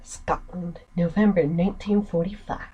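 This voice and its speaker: A woman's voice: on the low side, fairly even intonation, normal speed, warm tone, husky, dull audio. A woman with an American accent giving offhand, self-mocking asides while playing a video game. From United States. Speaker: let's player. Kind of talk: casual gameplay commentary.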